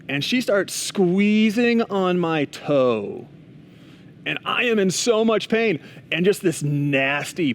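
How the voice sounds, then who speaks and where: A man's voice: high-pitched, animated, a little slow, slight background noise. A young man giving a casual chapel talk to students, telling a story in a chatty way with frequent asides and restarts. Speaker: school chapel speaker.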